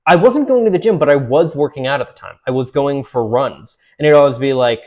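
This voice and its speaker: A man's voice: medium pitch, lively intonation, brisk, a little mellow, highs cut off. A man in his twenties talking casually to camera as a vlogger, rambling with many restarts and fillers, laughing and swearing now and then. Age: 20s.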